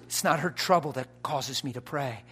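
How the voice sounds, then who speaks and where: A man preaching an impassioned sermon, dropping to a hush and rising to shouts. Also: medium pitch, normal speed, husky. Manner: impassioned, swings from hushed to shouting.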